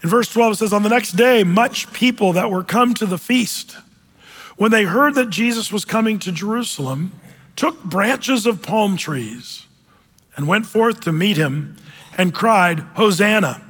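A husky, fairly high-pitched man preaches a sermon from the pulpit. He reads scripture aloud and tells a story to his congregation. His voice carries a long reverb from a church hall. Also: lively intonation, a little slow, a bit bright. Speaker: pastor.

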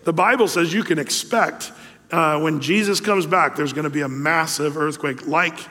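A male pastor delivers a sermon in a relaxed, conversational manner, full of fillers and side remarks. His voice sits a little high for a man. The sound carries a long reverb, as in a church hall. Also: normal speed. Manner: conversational, many fillers and asides.

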